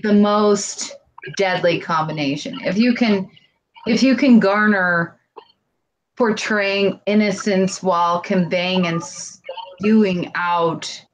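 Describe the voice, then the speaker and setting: A woman's voice: on the low side, a little hiss or hum, low-quality recording. A woman guest in a casual live-stream chat, talking in a rambling, earnest way, heavy on "like".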